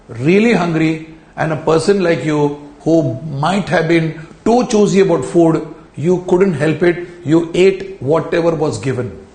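Higher-voiced male lecturer in an echoey room. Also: darkish tone. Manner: explanatory, rhetorical questions, repeats key phrases. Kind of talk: recorded lecture to camera. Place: indoor room, speaking in front of a camera.

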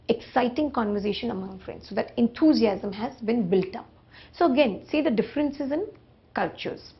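A woman's voice: a little high, creaky. A woman giving a classroom lecture, posing rhetorical questions and checking in with "right?" as she explains. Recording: dull lo-fi recording.

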